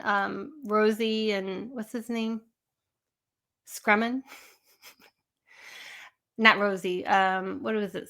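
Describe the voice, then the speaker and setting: A woman's voice: medium pitch, bright, forceful tone. A woman hosting a casual live stream, rambling, laughing often and chatting with her viewers.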